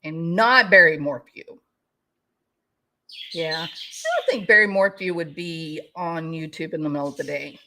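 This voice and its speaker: A woman's voice: deep voice, big pitch swings, normal speed, background noise. A middle-aged woman hosting a casual livestream, chatting with her viewers and talking to her dogs. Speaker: YouTube news commentary host.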